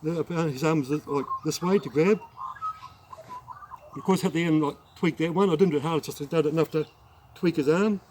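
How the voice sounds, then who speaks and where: A middle-aged Australian man telling a rambling anecdote as a martial arts instructor, halting and restarting as he demonstrates the moves. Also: a little high, darkish tone, slight background noise, poor audio. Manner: rambling, halting storyteller who demonstrates moves while talking. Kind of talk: casual spoken anecdote with demonstration.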